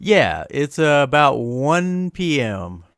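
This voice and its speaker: A man's voice: on the high side, very animated, slow pace, dry recording, studio quality. A man being interviewed casually as a comic book creator, laid-back and a bit hesitant.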